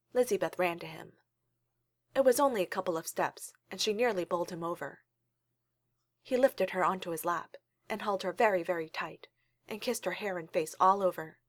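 A woman reading a story aloud in a calm, steady storytelling manner. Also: on the low side, no echo. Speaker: reader.

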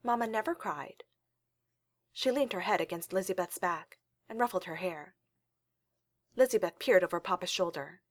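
A woman reading a story aloud in a calm, steady storytelling manner. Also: on the low side, moderate pace, long pauses, no room sound. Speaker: reader.

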